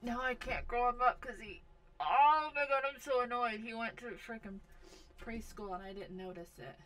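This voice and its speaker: A woman hosting a gaming video gives casual commentary over a life simulation game, talking to and scolding her characters with frequent exasperation. Her voice is a little high and a bit bright, at normal speed.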